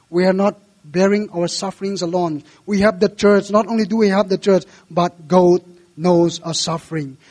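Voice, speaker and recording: A man preaching a sermon in earnest, his voice rising and growing louder when he quotes scripture, with non-native English phrasing. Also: high-pitched. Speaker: pastor.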